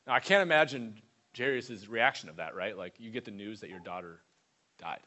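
A man's voice: on the low side, brisk, bright, forceful tone. A man preaching a conversational sermon, stressing points with repeated questions and short reading passages. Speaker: pastor.

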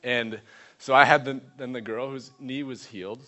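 A man preaching, telling a lively testimony story and acting out the people in it. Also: mid-range voice, moderate pace. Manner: animated storyteller voicing others in quotes.

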